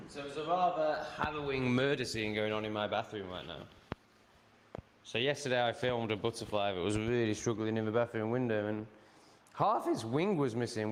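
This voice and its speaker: A man's voice: mid-range voice, a little hiss or hum. A man ranting casually at home in a blunt, sardonic way, swearing freely. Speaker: vlogger.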